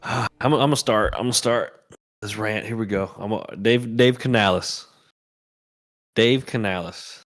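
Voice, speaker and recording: A man's voice: lowish voice, unhurried, a bit bright. A man co-hosting a casual sports chat show, ranting heatedly, swearing and repeating himself. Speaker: podcast co-host.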